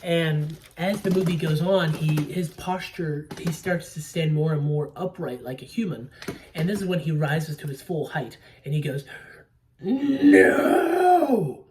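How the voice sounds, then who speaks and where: A man's voice: on the high side, steady tone, normal speed, a little mellow, a little hiss or hum. A young man casually recapping a movie plot, rambling with lots of fillers and the odd swear word. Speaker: movie podcaster. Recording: voice a bit distant from mic.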